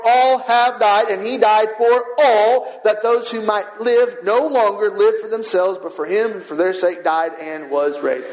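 A high-pitched man preaching a fervent sermon in a church sanctuary. He stacks short repeated phrases into rising rhetorical runs. His voice rings with a long echo from the hall around him. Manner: fervent, repetitive rhetorical build-ups. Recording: echoey hall.

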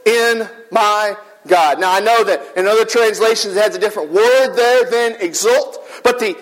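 Male pastor with a very high voice, preaching at full fervor and building to shouted peaks. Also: fairly quick, poor audio. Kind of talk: sermon. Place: church service with congregation.

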